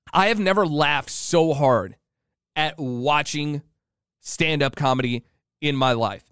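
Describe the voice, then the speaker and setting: Man, show host, chatty rambling storyteller, slightly high voice, dry sound. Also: smooth, dry recording. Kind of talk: casual monologue.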